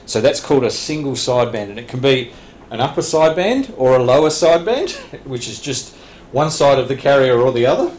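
A man's voice: mid-range voice, big pitch swings, brisk, darkish tone. A man teaching a radio licence class, explaining plainly with frequent restarts and small laughs. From Australia. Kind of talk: classroom lecture. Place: training room. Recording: echoey room, faint background hiss.

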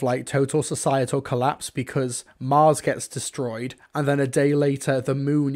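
Male reviewer, mid-range voice, relaxed chatty delivery peppered with fillers. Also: medium pitch. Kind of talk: casual spoken review.

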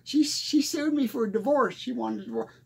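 A man's voice: very high voice, animated, a little fast, gravelly, husky, exaggerated voice. A man playing a rambling small-town country singer, stammering and chuckling as he talks. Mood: rambling folksy. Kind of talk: comedic character monologue.

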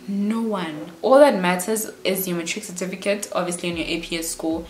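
A South African woman in her twenties giving casual life advice as a vlogger, in a quick, chatty, animated way. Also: mid-range voice, slight background noise. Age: 20s. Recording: roomy echo.

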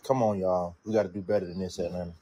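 A man's voice: low-pitched, steady tone, fast talker, dark tone. A man ranting indignantly in a casual opinion clip, climbing into exasperated outbursts. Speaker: commentator.

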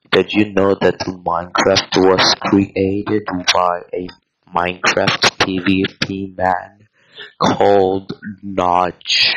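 A man with a deep, low voice talks very slowly, stalling on ums and repeating himself. He rambles through a mock ASMR monologue as the video's host. A faint hiss sits under his voice. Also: dull audio. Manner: hesitant, halting, many ums and repeated words.

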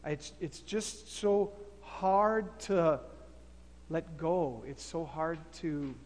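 A man's voice: sits high, expressive, slow pace, pitched below the performer's own voice. A preacher playing an aggrieved man, indignant. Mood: dejected. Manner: indignant, pleading, stammering. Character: aggrieved man wronged by his servant. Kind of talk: sermon skit. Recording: reverberant church hall.

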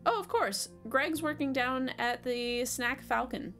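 Lady reading as a chirpy mom cat, kinda high and homey, faint game music behind. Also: measured pace, fairly bright tone. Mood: cheerful.

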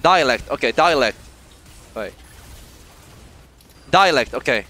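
A young man from South Korea with a Korean accent, chatting casually with viewers while streaming a game, excitable and often laughing. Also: mid-range voice, takes it slowly. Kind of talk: casual gameplay stream chat.

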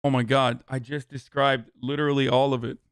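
A man's voice: medium pitch, level tone, a little fast, clear, resonant tone, no room sound, studio quality. A young man streaming live, answering chat questions in a casual, heated, profane rant.

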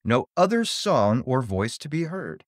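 Tense, lively male horror narrator. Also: mid-range voice, measured pace, no room sound, clean studio sound. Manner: tense, dramatic first-person telling. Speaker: story narrator. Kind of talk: scripted horror story narration.

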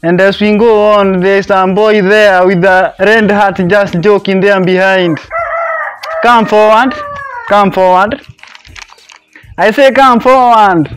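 A man's voice: high-pitched, flat delivery, slow, a bit bright, soft background music. A man playing a strict schoolteacher in a comedy skit, bossy and repeating his orders. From Kenya.

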